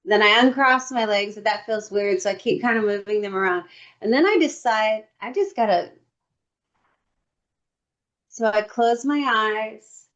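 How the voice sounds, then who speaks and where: A woman's voice: mid-range voice, measured pace, long pauses, a bit bright, dull audio. A woman co-hosting a podcast, telling a comic story and acting out her own inner thoughts, talking into her computer on a video call. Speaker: podcast co-host. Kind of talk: casual chat. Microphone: computer microphone on a video call.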